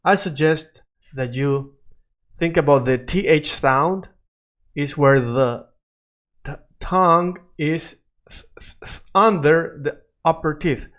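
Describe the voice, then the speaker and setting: A man from Latin America runs a loose, improvised Spanish lesson, his voice sitting a little higher than most men's. He coaches pronunciation by stretching out sounds and repeating them slowly for the learner to copy. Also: a bit bright. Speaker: Spanish teacher.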